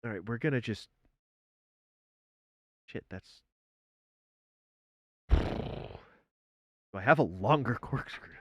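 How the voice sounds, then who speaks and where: A man streaming live, chatting casually in an animated way, swearing freely and exclaiming loudly. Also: medium pitch, takes it slowly, pauses often, dry recording.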